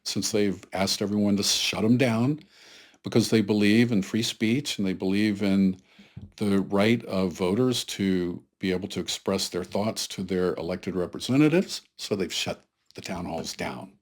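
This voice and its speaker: A man from the US South talks straight to camera in a solo political commentary vlog. His voice sits a bit low, and he speaks in an earnest, conversational way, pleading with his viewers as he makes his case. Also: measured pace. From Atlanta, Georgia, US South. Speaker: political commentary channel host.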